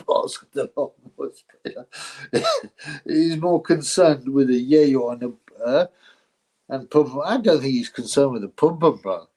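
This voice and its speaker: A man's voice: medium pitch, warm tone, poor audio. A man hosting a live boxing stream, chatting casually, rambling, laughing often and thanking his viewers.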